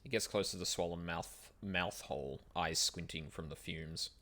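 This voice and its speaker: Guy streaming a game, low but bright voice, reads the text out, jokey. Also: normal speed. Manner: wry, joking, reads game text aloud. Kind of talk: live game playthrough, reading aloud.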